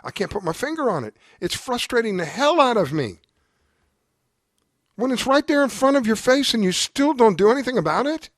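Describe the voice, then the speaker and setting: A man with a notably high voice carries a heated commentary monologue as host. He sounds exasperated and emphatic, and he circles back over his points. The recording is close and dry, with no room sound. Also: sing-song, fairly quick, no echo. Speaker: show host.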